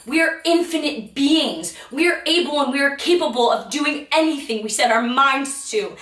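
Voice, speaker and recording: A woman's voice: high voice, lively intonation, normal speed, few pauses, a bit bright. A woman vlogger giving an earnest, emphatic motivational talk to the camera, swearing freely. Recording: echoey room, mic at a distance.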